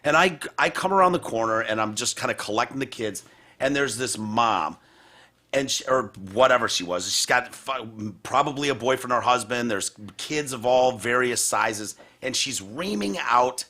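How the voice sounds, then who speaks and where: Bright-voiced podcast guy, swears a lot, does the voices when he tells stories. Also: mid-range voice, normal speed. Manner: profane, animated storyteller who acts out people he quotes. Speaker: podcast host. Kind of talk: casual chat.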